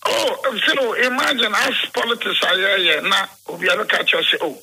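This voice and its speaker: A man's voice: high-pitched, steady tone, moderate pace, pushed and bright, a little hiss or hum, poor audio. A man with a Ghanaian accent being interviewed, telling a rambling story, switching between English and Twi and acting out the dialogue he quotes.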